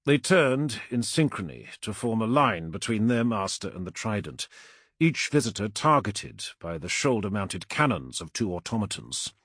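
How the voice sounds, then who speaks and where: A man narrates an audiobook in a dramatic, measured way with a husky grain. His pitch rises and falls with the action. The recording is dry and close. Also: very animated, fairly bright tone, no room sound. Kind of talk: scripted narration.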